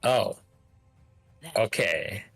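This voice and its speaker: A man's voice: lowish voice, very slow, gravelly, a bit bright, slightly rough, faint music behind. A man running a tabletop game as game master, talking casually with many fillers and restarts.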